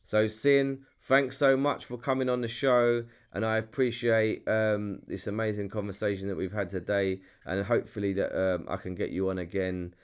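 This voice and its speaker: Here the podcast host is a young man from England with a London accent, his voice sitting low and smooth. The conversation is loose, full of restarts, repetition and plenty of swearing.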